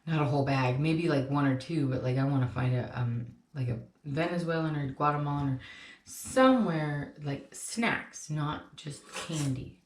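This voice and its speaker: A young woman with a low voice co-hosts a snack show, talking loosely and circling back with plenty of "like" and "um." The room around her rings with noticeable echo. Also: moderate pace. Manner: rambling, filler-heavy storytelling. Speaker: co-host. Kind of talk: casual chat. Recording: echoey room.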